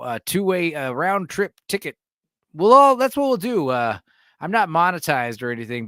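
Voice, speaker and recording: A man's voice: mid-range voice, fairly bright tone, no room sound, clean studio sound. A man hosting a casual late-night livestream, reading chat messages aloud and rambling with plenty of swearing and laughter. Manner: rambling, profane, laughs often.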